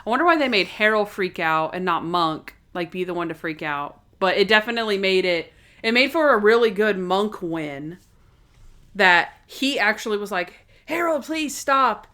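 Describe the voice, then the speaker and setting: A young woman co-hosting a podcast, casually retelling TV scenes with quick acted-out quotes and frequent laughter. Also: medium pitch, lively intonation, bright, forceful tone, smooth. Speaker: podcast co-host. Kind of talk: casual chat.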